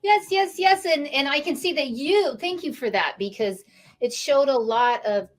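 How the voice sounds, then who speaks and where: A woman's voice: high voice, expressive, moderate pace. A woman hosting a live interview series, enthusiastic and affirming as she welcomes listeners and praises her guest.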